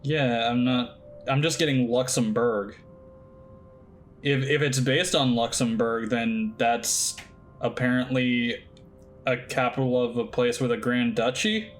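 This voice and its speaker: A man's voice: medium pitch, steady tone, measured pace, a little hiss or hum. A man co-streaming a game, chatting casually with a joking, profane manner and frequent laughs. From Scottish and Irish heritage.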